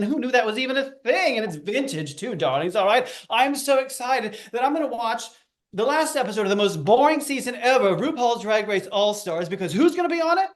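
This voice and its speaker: An older man from Indiana, a drag performer, gives a theatrical, campy rally speech over a video call and calls everyone darling. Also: high-pitched.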